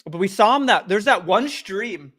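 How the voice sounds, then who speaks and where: A young man chats loosely on a live stream from home. He rambles in a friendly, unhurried way. His voice sits a little high and is picked up on a desk microphone. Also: expressive, fairly bright tone. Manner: easygoing, rambling, chatty. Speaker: streamer and show host. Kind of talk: casual live-stream chat.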